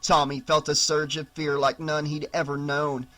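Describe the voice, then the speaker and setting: A man narrating a horror novel audiobook in a measured, dramatic storytelling manner. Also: on the high side, little pitch movement, bright, forceful tone, faint music behind. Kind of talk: scripted narration.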